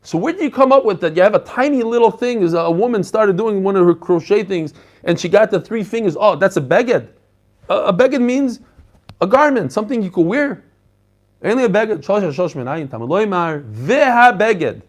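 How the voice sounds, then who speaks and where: Brief: middle-aged male rabbi, high voice, animated Talmud lecture peppered with Hebrew terms. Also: a little fast. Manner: animated, mixes English with Hebrew and Yiddish terms, talks to listeners directly. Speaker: rabbi teaching a daily Talmud page. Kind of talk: lively Talmud class lecture.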